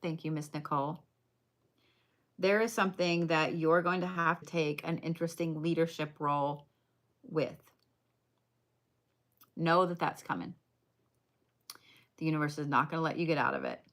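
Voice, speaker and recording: Woman, livestream card reader, blunt, profane, chatty, lowish voice. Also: steady tone, normal speed, long pauses, a bit bright. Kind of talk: casual livestream card reading.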